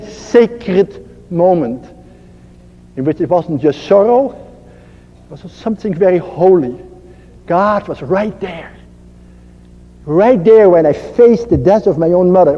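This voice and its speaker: A man with a Dutch accent giving an earnest spiritual talk as a priest, slow and emphatic, repeating his phrases. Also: high-pitched. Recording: muffled archival recording in a reverberant hall.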